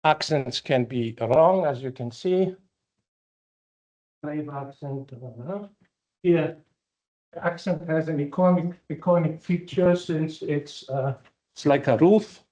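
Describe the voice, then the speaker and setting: A man giving an academic conference talk, speaking as a with frequent fillers and pauses. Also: a little high, mellow. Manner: slow, halting, with many fillers. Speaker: conference presenter.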